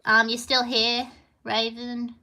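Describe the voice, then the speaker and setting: A woman's voice: a little high, monotone, takes it slowly, sharp tone. A woman hosting a trivia quiz on a casual live stream, chatty and meandering, with lots of fillers and little apologies. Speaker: livestream trivia host. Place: home with a piano.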